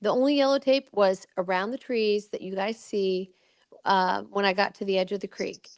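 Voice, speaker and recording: A middle-aged woman telling a personal story in casual chat, animated, acting out what people said, with many restarts. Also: mid-range voice, moderate pace, no room sound. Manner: animated, acts out quoted voices, many restarts. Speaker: guest recounting a personal experience.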